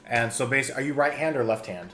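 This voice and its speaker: A man's voice: mid-range voice, quick pace, fairly bright tone. Hesitant, stammering man at a game table.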